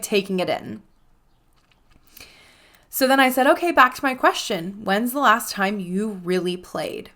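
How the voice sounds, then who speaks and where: A young adult woman tells a personal story on her podcast. She talks casually and with animation, slipping into the voices of the people in her story and filling her speech with "like.". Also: mid-range voice. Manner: animated, acts out quoted dialogue, frequent "like". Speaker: podcast host.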